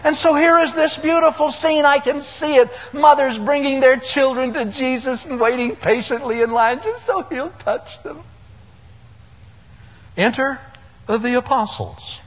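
A man's voice: very high-pitched, a little slow. A man preaching a sermon, telling the story with humor and acting out the people in it. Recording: dull lo-fi hall recording.

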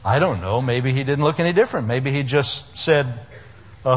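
A man preaching in a lively, swooping voice with a slightly husky edge. He tells the story with humor and puts on voices for the people in it. The recording is lo-fi and dull, with a long hall reverb around him. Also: mid-range voice, normal speed. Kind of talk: sermon.

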